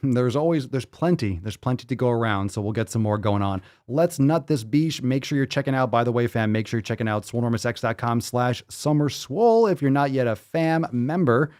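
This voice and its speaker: A man hosting a casual live podcast, loud, joking and full of profanity. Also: mid-range voice, fairly quick, few pauses. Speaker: podcast host.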